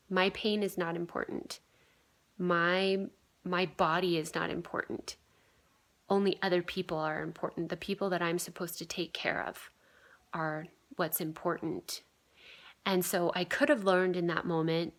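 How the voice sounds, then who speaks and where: Earnest woman in her thirties, soft-spoken. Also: on the low side, measured pace. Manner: earnest and reflective, frequent fillers, drops to a whisper on phrase ends. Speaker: vlogger sharing a healing story. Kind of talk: casual personal storytelling.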